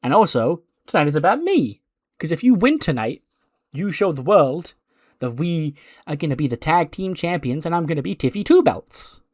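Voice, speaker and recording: A man's voice: a little high, sing-song, normal speed, a little mellow, dry recording, studio quality. A man voicing a smug, glamorous woman wrestler who bosses her protégé around. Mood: bossy. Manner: bossy, self-important.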